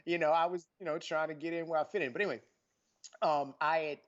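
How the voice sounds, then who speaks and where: A man's voice: on the high side, fast. Rambling male podcast host, dull audio. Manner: rambling, many fillers, grows animated telling a story. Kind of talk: casual podcast storytelling.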